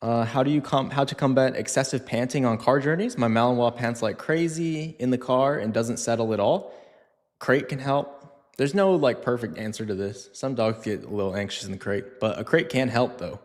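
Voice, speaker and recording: A man's voice: medium pitch, normal speed, darkish tone. Casual male dog trainer, echoey hall. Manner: casual, chatty, lots of fillers, acts out scenes in funny voices. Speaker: dog trainer answering viewer questions. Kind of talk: live Q&A stream, casual talk.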